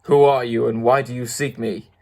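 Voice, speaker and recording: A man voicing a menacing wizard in the shape of a beast, speaking low and growling. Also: flat delivery, moderate pace, creaky. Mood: commanding.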